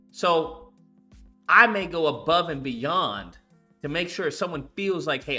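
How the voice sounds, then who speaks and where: A young man hosting his channel, ranting casually about marketing and hype, profane and animated, mocking people with put-on quotes. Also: fairly high pitch. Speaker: channel host. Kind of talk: casual commentary monologue.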